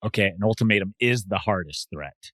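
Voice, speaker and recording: A man hosting a podcast, chatting casually in a relaxed, agreeable way. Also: lowish voice, brisk, dry recording. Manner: relaxed, agreeable, lots of "yeah". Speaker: podcast host. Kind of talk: casual chat.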